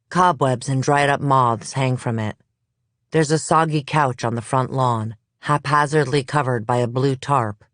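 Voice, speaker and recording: An audiobook narrator reading a crime thriller in measured, even storytelling, close to the mic. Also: medium pitch, dry recording. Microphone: close studio mic.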